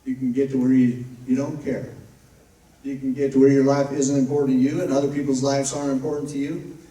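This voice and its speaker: A man's voice: medium pitch, level tone, brisk, warm tone. Fervent male pastor in an echoey hall. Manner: emphatic and repetitive, building to fervent. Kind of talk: sermon. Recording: roomy echo, distant mic.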